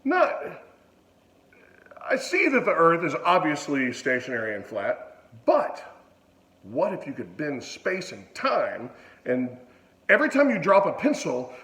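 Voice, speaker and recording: A man's voice: a little high, big pitch swings, unhurried, a bit bright, roomy sound, rough recording. A man voicing a smug older male physicist in a mocking impression, with no real accent.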